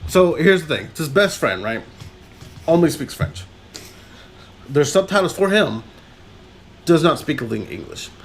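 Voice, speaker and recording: A man's voice: fairly high pitch, sing-song, a little slow, long pauses, slight background noise. A man co-hosting a podcast, rambling through a film recap in casual chat and laughing often. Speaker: podcast co-host.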